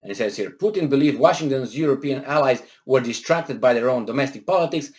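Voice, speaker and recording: A man commenting on a news article, arguing with rhetorical questions and sarcastic asides, with frequent hesitations and pitch that jumps on emphatic words. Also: lively intonation, fast, a little mellow. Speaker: political commentator.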